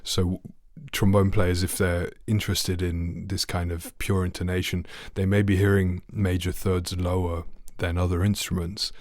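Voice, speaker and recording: A man with a deep, low voice gives a friendly online trombone lesson. He talks straight to the viewer and keeps asking questions. The sound is close and dry, with no room echo. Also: little pitch movement, moderate pace, few pauses, a little mellow. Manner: friendly, asks the viewer questions, sings notes. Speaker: trombone teacher.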